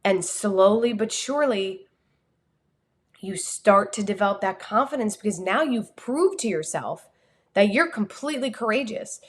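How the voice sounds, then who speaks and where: Female communication coach with a New Jersey accent, lively and expressive, in a slightly higher register. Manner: energetic, expressive, talks with her hands. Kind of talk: motivational livestream talk.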